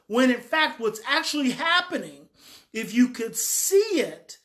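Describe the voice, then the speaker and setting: A woman's voice: on the high side, big pitch swings, unhurried, fairly bright tone. A woman coach giving a frank, emphatic daily talk, repeating her key points and swearing a little. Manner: emphatic and repetitive. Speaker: parenting coach.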